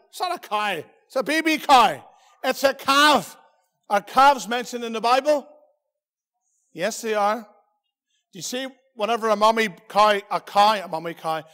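A man's voice: very high voice, a bit bright, long reverb tail. A man with a Northern Irish accent, a preacher giving a playful children's talk in a church service, telling stories and asking the children questions. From Northern Ireland. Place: church hall.

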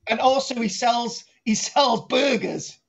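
A man's voice: very high voice, slow pace, creaky, heavy background noise. Rambling man teaching archaeology. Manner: rambling, repetitive, keeps asking "right?". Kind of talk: comic online lecture. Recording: dull lo-fi sound.

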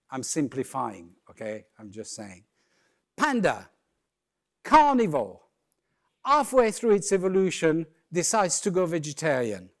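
Male keynote speaker, fairly high voice, jokey and conversational, on stage. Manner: jokey, conversational, playful asides. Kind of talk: humorous keynote talk. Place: conference stage.

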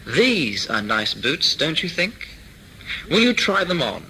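Brief: man as a helpful shop assistant, slow, lively pitch. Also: a little hiss or hum, heavily acted, low-quality recording.

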